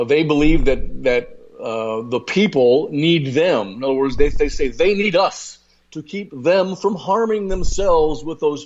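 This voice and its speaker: A man's voice: fairly high pitch, a little mellow, dull audio. A man hosting a talk radio show, telling folksy stories and rambling into political commentary with many fillers. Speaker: radio host.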